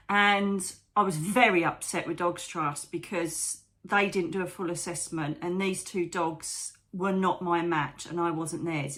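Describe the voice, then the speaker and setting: A woman's voice: fairly low pitch, pushed and bright. A woman telling a personal story in a candid, emotional, rambling way, as a spiritual vlogger.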